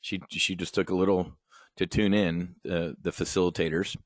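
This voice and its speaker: A lower-pitched man runs a live options trading broadcast. He talks in a loose, rambling, enthusiastic way and punches his points hard. The recording is dry and close, with no room sound. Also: normal speed, dry recording. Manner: energetic, rambling, conversational, emphatic. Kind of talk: livestream trade brief.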